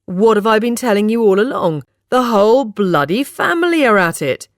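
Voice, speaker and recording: A woman voicing a male friend in an audiobook, brisk and matter-of-fact. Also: lowish voice, expressive, no room sound, clean studio sound. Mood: blunt. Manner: brisk, matter-of-fact, talks over others. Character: man friend, blunt and quick to judge.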